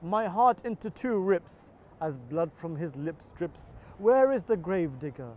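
High-voiced man reciting a religious poem. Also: animated, measured pace, muffled recording, a little hiss or hum. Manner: impassioned, swelling declamation. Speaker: poetry reciter. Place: outdoors at a live religious event.

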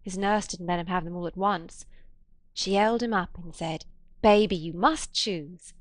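A woman reads a classic novel aloud, measured and deliberate. Her voice is lowish and quiet, recorded dry and close. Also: dry recording. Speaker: audiobook narrator. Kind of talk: literary audiobook narration.

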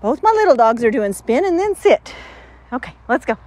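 Woman dog trainer, high voice, bouncy swooping delivery, brisk commands and praise, outdoors. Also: very animated, darkish tone. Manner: upbeat, giving quick commands and praise to a dog. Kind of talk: commentary during a dog training session. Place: outdoors near trees.

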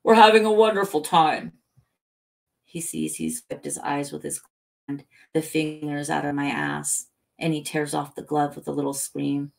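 A woman reading a novel aloud as a bedtime story, steady and low-key. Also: moderate pace, vocal fry. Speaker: audiobook reader.

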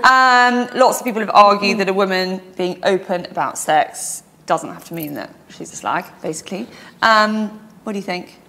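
A woman's voice: mid-range voice, animated, moderate pace, pushed and bright. A woman hosting a studio sofa chat, chatty and blunt, laughing often. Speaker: host.

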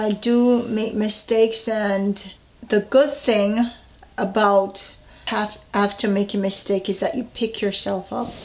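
Woman vlogger, unhurried, casual and rambling, talking between bites to her phone at home. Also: mid-range voice. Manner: relaxed, rambling, with fillers, talking while eating. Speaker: health vlogger. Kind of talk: casual vlog chat.

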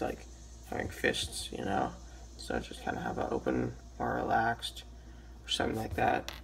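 Raspy, gravelly-voiced young man. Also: medium pitch. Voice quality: raspy, just woke up. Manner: hesitant, many ums and restarts. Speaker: toy reviewer. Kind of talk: casual product review.

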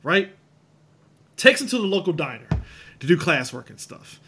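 A man co-hosting a casual podcast, retelling movie scenes and acting them out with lively swings in voice. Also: high voice, moderate pace, slight background noise. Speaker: podcast co-host. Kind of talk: casual chat.

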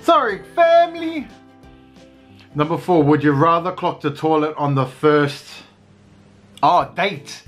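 A slow, easygoing man hosts a family eating video from home and chats straight to his camera mic. His voice sits a little high for a man, and he laughs between bites. Soft music plays faintly behind him. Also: fairly even intonation. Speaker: family vlogger. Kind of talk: casual mukbang chat.

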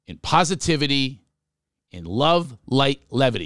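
A man's voice: mid-range voice, sing-song, normal speed, gravelly, dry recording, studio quality. Playful Philadelphia man hosting a podcast. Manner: jokey, playful, slips into comic voices. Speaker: podcast host. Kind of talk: casual interview chat.

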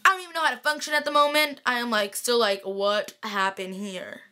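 A woman's voice: sits high, expressive, rapid-fire, sharp tone. A young woman in casual chat, recapping a TV episode for her viewers, sighing often and gushing like a fangirl with lots of "like" and "freaking.". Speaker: TV recap vlogger.

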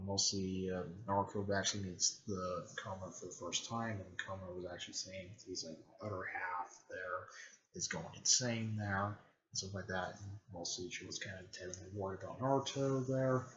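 A man giving a rambling, casual recap, halting often with fillers and clearing his throat. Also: deep voice, fairly bright tone. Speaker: video creator recapping a fan series. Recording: dull lo-fi recording.

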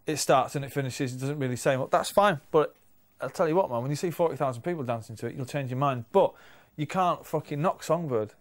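A man's voice: a little high, fast, hardly any pauses, no echo. A man chatting in an interview, dry and sardonic, swearing as he teases. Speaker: band member and songwriter. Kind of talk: casual interview chat.

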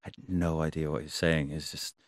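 Male actor guest, low voice, dry close sound, loose halting delivery full of laughs. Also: level tone, no room sound. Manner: halting, restarts sentences, laughs often. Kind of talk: casual interview chat.

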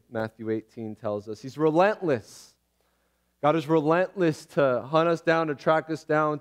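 A man preaching a sermon as pastor in a church, talking in a casual, animated way with laughs and restarts. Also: on the high side, clear, resonant tone. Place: church sanctuary.

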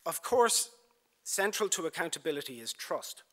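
Male speaker, formal lecture, bright, slightly high voice, measured rhetorical delivery. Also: big pitch swings. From Ireland. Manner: measured oratory with rhetorical lists and emphatic repetition. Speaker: broadcasting executive giving a lecture. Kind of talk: formal prepared speech. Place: university lecture theatre.

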